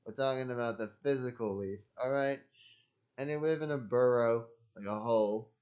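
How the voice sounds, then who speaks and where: A man's voice: mid-range voice, moderate pace, a little mellow, highs cut off. A man hosting his own channel, talking casually in a rambling, jokey way and repeating himself often. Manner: repetitive, jokey, digressive. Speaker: channel host. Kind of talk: casual rambling solo talk.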